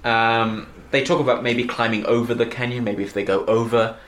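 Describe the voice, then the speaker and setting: A woman's voice: rumbling low, steady tone, normal speed, reverberant. A woman hosting a podcast, casually recapping a film with many ums and frequent laughs. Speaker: podcast host.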